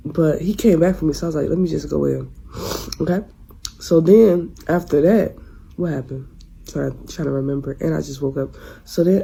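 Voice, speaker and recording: A woman's voice: deep voice, gravelly, dark tone, breathy edge, poor audio. A young woman in her twenties telling a rambling story in casual slang, restarting her sentences often. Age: 20s. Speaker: storyteller in a clip.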